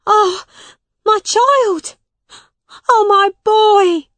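A woman's voice: very high-pitched, drawn-out words, no echo, voice pushed up, full character voice. A woman doing a frantic, tearful poor mother. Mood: frantic, crying. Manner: shouting and crying out.

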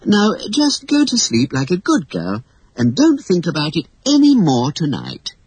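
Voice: mid-range voice, wildly swooping pitch, darkish tone, slightly rough, dry recording, pitched above the performer's own voice, heavily acted. A soothing storybook mother, as a narrator puts her on. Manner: soothing, hurried. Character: gentle soothing Edwardian mother.

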